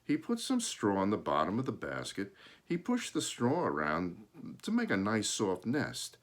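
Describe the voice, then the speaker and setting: A man reading a children's story aloud in an animated way, pausing to talk about the pictures. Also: fairly low pitch. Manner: animated, pauses to point at pictures. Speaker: storybook reader.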